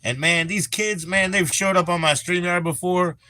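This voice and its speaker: Older man, bright forceful voice, rambling casual chat, swearing a lot. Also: sits high, steady tone, normal speed. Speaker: live streamer. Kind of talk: casual live-stream chat.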